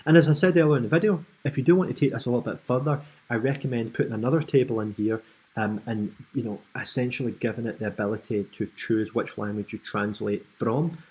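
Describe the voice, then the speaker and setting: A Scottish man from Scotland hosting a screen-recorded software tutorial, explaining in a casual, friendly way with frequent ums and asides. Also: mid-range voice, quick pace, slightly rough, low-quality recording. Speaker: tutorial host.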